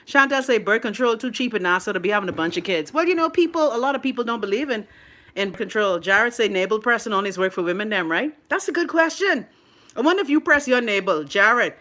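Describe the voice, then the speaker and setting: A Bahamian woman hosting a live stream from her phone, chatting casually and reading out viewer comments, laughing often and talking in an animated, playful way. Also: fairly high pitch, fast talker. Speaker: livestream host.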